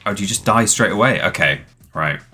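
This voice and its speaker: A man's voice: on the low side, lively intonation, a little fast, sharp tone, slightly rough. A man hosting a live stream, giving chatty, rambling, enthusiastic commentary on the game he plays. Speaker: streamer host. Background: faint game music.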